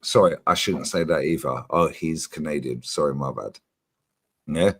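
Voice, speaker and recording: A man in casual stream chat, animated and quick to laugh, swearing freely as he talks. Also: rumbling low, slightly rough.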